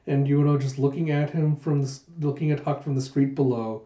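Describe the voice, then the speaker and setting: A man's voice: mid-range voice, flat delivery, a little fast, warm tone. A man casually reading and retelling a comic, chatty and correcting himself as he goes. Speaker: reviewer reading a manga aloud. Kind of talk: casual manga readthrough. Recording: roomy, dull lo-fi home recording.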